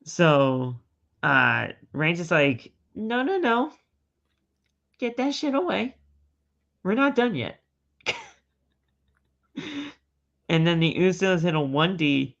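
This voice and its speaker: Slow-talking man recapping wrestling, lo-fi. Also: fairly high pitch, vocal fry. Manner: animated play-by-play retelling, breaks into laughs. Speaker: podcast co-host. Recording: dull lo-fi podcast audio.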